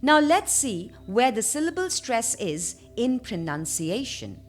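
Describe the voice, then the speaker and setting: A woman presenting a scripted online lesson as a trainer, with a clear, measured teaching delivery. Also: fairly high pitch, big pitch swings, soft background music.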